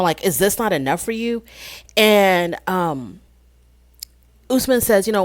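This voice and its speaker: A chatty woman with a slightly low voice recaps a reality show in a relaxed, conversational way, slipping into quick impressions of the people she quotes. Her voice is close and dry, with no room sound around it. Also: no echo. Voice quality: frequent fillers and restarts, rhetorical questions. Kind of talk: casual commentary recap.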